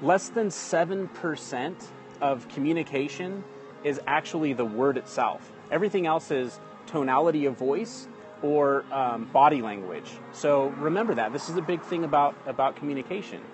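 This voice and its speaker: A man's voice: fairly high pitch, animated, normal speed, music in the background. A man hosting a casual live-streamed lesson from his phone outdoors. He talks in a chatty way, keeps checking in with "okay?" and greets viewers mid-talk. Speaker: livestream host teaching communication basics. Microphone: phone livestream.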